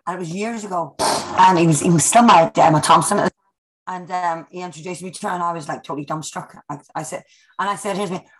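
A woman's voice: lowish voice, quick pace, poor audio. A woman with a Northern Irish accent, a guest telling chatty anecdotes in casual conversation. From Northern Ireland. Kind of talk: casual chat.

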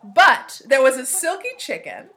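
A woman co-hosting a podcast, telling zoo stories in an animated, laughing way. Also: sits high, measured pace. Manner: animated storyteller, laughing often. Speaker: podcast co-host. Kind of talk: casual chat.

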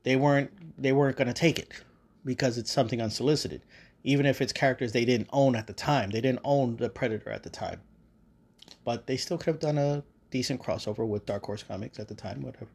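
A man's voice: mid-range voice, fast talker, vocal fry, a little mellow, husky. A man hosting a podcast, talking in a casual rambling monologue with lots of fillers, restarts and swearing. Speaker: podcast host.

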